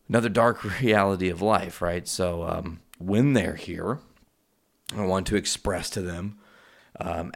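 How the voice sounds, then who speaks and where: Brief: male podcaster at home, casual and profane, tangent-prone, with a gravelly low voice. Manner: rambling and profane, wanders off on tangents. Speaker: podcast host. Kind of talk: casual solo podcast storytelling. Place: his house.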